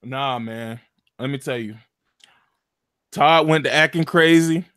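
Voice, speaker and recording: A man's voice: mid-range voice, takes it slowly, a bit bright, clear, resonant tone, dry recording, studio quality. A man, animatedly retelling a video game story in casual chat, full of slang and profanity. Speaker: gaming podcast co-host.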